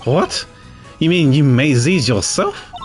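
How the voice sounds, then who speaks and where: A man voicing an eager young male assistant in a game with a put-on French accent, talking in an earnest, excitable way. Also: a little high, slow pace, soft background music. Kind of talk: reading game dialogue aloud.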